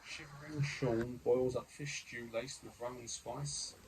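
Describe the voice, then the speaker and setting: A man's voice: medium pitch, steady tone, unhurried, background noise. A man reading a gamebook aloud as he plays, reading the narration and stopping to comment on dice rolls and choices. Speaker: gamebook player and reader.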